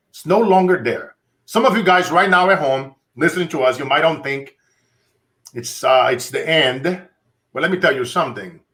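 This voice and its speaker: A man's voice: mid-range voice, a bit bright. Preachy Brazilian-accented man host. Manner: preachy, rallying the audience. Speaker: interview host, motivational speaker. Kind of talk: live-streamed interview.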